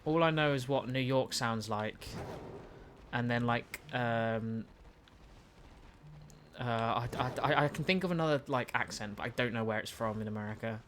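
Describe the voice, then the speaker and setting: A man's voice: medium pitch, moderate pace, a bit bright, a little hiss or hum. A young British man with a British accent streams a game live, chatting casually, stumbling over restarts and answering his chat as he plays. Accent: British English. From United Kingdom.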